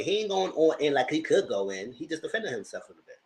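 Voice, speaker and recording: Sassy animated man reviewing reality TV. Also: fairly high pitch, quick pace. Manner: animated, sassy, slangy, acts out the cast's lines. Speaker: TV reality show commentator. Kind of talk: live TV review chat.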